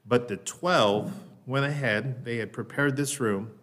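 A man preaching a sermon in a conversational way. He often checks in with "right?", slows down on key words and raises his voice to act out lines. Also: mid-range voice, a bit bright. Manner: raises his voice when acting out Peter's lines. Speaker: pastor.

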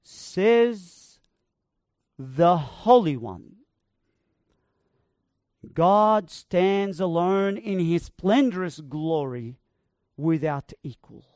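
A male preacher delivers a sermon in a high, unhurried voice. He builds to emphatic proclamations and lingers on repeated words. The sound is dry and close. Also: lively intonation, darkish tone, no room sound. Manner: emphatic, rising to proclaim with slow repeated phrases.

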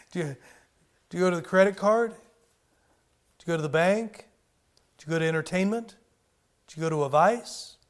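A man preaching a sermon in a conversational way, asking his listeners frequent rhetorical questions. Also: sits high. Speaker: pastor.

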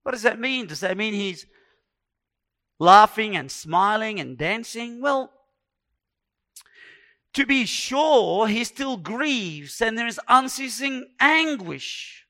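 A man preaching a sermon, dramatic, swinging between hushed and loud delivery. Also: high voice, expressive, slow, long pauses. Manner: acts out quoted complaints in a raised voice.

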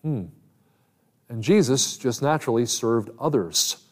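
A man's voice: medium pitch, measured pace. A man preaching a sermon as an evangelist, earnestly quoting Scripture at length and pressing his points with rising emphasis. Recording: long hall reverb.

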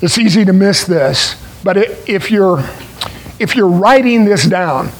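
Slow, high-voiced male preacher. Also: lively intonation, a little hiss or hum, rough recording. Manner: deliberate, explanatory, with pauses. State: clearing his throat. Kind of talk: sermon.

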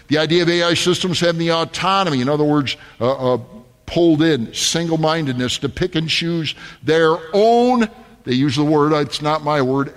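A man preaching at a rally, addressing his audience as folks in an emphatic, urgent manner. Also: on the high side. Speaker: pastor. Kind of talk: rally sermon. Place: large hall with audience. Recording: long hall reverb, faint music.

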